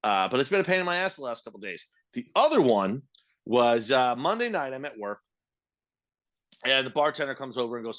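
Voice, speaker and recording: A man's voice: mid-range voice, big pitch swings, brisk, fairly bright tone. A middle-aged man on a casual podcast, telling a work story as a profane, ranting storyteller. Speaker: podcast co-host, restaurant manager.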